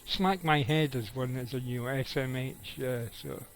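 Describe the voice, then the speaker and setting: Middle-aged guy streaming a game, rambling, chatting to chat, medium pitch, swears a bit. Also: measured pace, faint music behind, low-quality recording. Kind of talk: casual live gameplay commentary.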